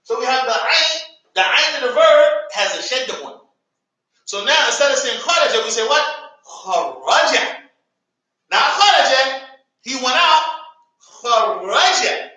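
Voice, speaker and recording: A man's voice: extremely high pitch, brisk, bright, forceful tone. An American man teaching an Arabic grammar class, calling on students and having them repeat words after him. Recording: echoey classroom, from far off.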